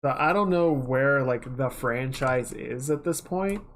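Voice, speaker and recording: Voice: medium pitch, unhurried, a little hiss or hum. A livestreamer in casual chat while working, rambling and chatty, swearing offhandedly now and then.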